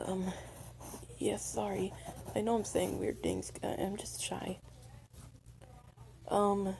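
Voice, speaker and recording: A woman's voice: mid-range voice, creaky, dark tone, a little hiss or hum. A young woman playing a shy, lonely undead young being in a role-play spoken to the listener, stuttering and hesitant.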